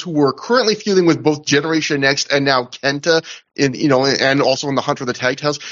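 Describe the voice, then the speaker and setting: A man hosting a casual podcast chat, talking in animated runs with frequent laughs, fillers and restarts. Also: mid-range voice. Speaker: podcast host. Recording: slightly dull lo-fi audio.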